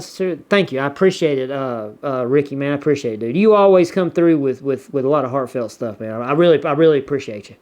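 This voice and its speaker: A man's voice: medium pitch, expressive, fast, few pauses, a little mellow. Rambling Southern man. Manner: rambling, repeats words, drawling asides. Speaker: YouTube vlogger reading viewer comments. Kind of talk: casual chat.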